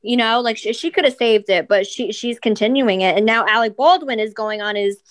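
A woman's voice: fairly high pitch, fairly quick. A woman co-hosting a casual celebrity gossip podcast, chatty and full of fillers, swearing casually. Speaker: podcast co-host.

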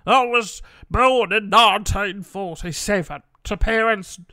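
Brief: man impersonating an older ex-flight director, loud and long-winded, dry close sound. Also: sits high, measured pace, no room sound, pitched above the performer's own voice. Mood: earnest, rambling. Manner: loud, formal and rambling.

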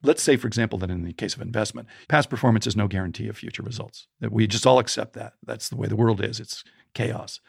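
A man, a storytelling coach, interviewed as a guest and telling a personal story in a vivid, animated way. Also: on the low side, fast talker, gravelly, few pauses, husky, no echo, studio quality.

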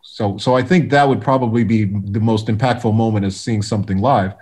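A man, a guest music producer, telling stories in a relaxed interview, animated and full of restarts. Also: on the low side, fairly quick, husky. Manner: animated storyteller, many restarts, acts out quotes.

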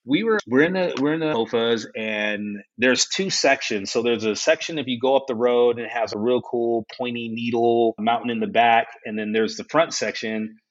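A man's voice: medium pitch, moderate pace, hardly any pauses, dull audio. A man, a guest on a podcast, telling a funny story in a casual way and laughing often. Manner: laughs often, animated anecdotes. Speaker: interview guest.

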